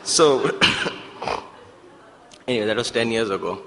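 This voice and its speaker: A man tells spiritual stories in a lively, animated way, slipping into the voices of the people he quotes. His voice sits in an ordinary middle register for a man. A long reverb trails each phrase, as in a large hall. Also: mid-range voice, measured pace. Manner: animated, acts out quoted voices, restarts often. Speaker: speaker at a spiritual center. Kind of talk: storytelling spiritual talk. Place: devotional center hall.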